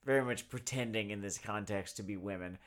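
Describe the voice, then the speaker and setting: A tipsy man co-hosting a casual review chat, talking in a halting, hesitant way. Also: fairly low pitch. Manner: halting, hesitant, full of ums. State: tipsy from drinking. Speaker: podcast co-host.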